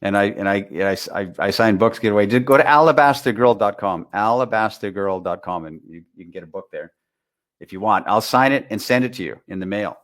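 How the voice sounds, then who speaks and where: A man's voice: low voice, brisk, fairly bright tone. Guy rambling thru an interview, lots of restarts, just telling stories. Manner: rambling, repeats words, tells anecdotes. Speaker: interview guest, dating author. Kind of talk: casual interview talk.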